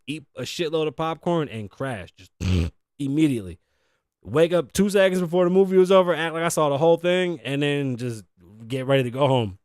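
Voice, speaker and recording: Guy hosting a talk show, cussing and rambling, kinda high voice, dry close mic. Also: no echo. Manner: profane, rambling, jokey. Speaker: host. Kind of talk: casual comedic commentary show.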